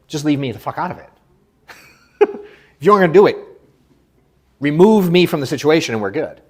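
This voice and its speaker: Blunt, profane man coaching a room. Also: slightly rough. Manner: blunt, profane, swings from emphatic to low and quiet. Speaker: sales coach. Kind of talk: live coaching session with an audience.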